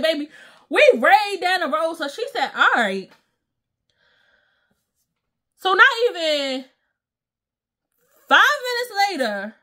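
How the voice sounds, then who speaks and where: A young woman tells a story to her viewers, and her voice sits high and swoops up and down. She acts out each quote with loud exclamations and slang. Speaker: storytime vlogger. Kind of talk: casual storytelling.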